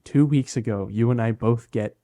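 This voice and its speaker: A young man co-hosting a podcast, telling a story in relaxed, self-deprecating casual chat. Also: medium pitch, moderate pace. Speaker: podcast co-host.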